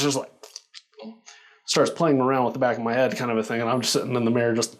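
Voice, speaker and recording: A man casually telling a personal story, animated and full of fillers, laughing along as he goes. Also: medium pitch, quick pace. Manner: animated, acts out quoted lines, filler-heavy.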